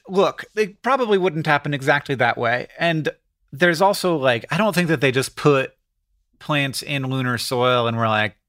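Bright rambling man on a podcast. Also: fairly high pitch, lively intonation, normal speed. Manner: rambling, thinks out loud with many restarts. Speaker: podcast co-host. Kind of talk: casual podcast chat.

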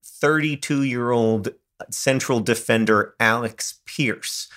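A man's voice: medium pitch, takes it slowly, a bit bright. A man co-hosting a podcast, talking in a casual, earnest and self-deprecating way, often restarting his sentences. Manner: thoughtful, earnest, self-deprecating, with false starts. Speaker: podcast co-host. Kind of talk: casual chat.

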